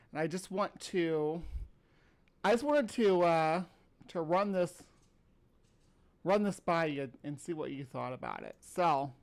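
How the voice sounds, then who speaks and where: A man's voice: fairly high pitch, smooth. A man hosting a podcast in casual chat, rambling with fillers and restarts and sounding tired. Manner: rambling, halting, filler-heavy. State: tired, yawning. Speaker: podcast host.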